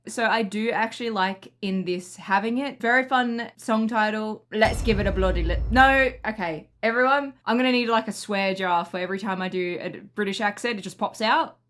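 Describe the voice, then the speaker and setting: An excitable woman, chatting casually as she reacts to music for a video. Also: medium pitch, normal speed, hardly any pauses. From Australia. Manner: excitable and chatty, gushing enthusiastically.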